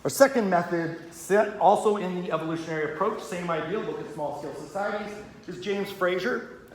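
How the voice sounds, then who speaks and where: A man's voice: sits high, brisk. A man giving a casual classroom lecture on religion. He talks conversationally, often checks in with "right?", and acts out little scenes in quoted voices. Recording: very echoey room, faint background hum.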